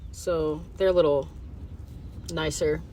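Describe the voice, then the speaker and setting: A woman with a slightly low voice runs her podcast solo, chatting loosely with plenty of "like" and "um." She swears freely and drifts from point to point. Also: steady tone, slow pace, warm tone, a little hiss or hum. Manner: rambling and profane, full of fillers. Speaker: podcast host. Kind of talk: casual solo monologue.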